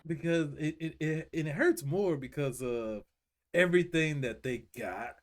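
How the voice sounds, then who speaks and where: A man hosting a casual live-stream talk show, talking in an unhurried, laid-back way. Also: fairly high pitch, very animated.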